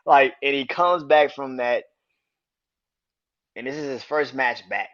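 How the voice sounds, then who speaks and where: A young man hosting a wrestling podcast, ranting casually, swearing freely, getting excited, and laughing often. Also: mid-range voice, a little slow, lo-fi sound. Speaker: podcast host.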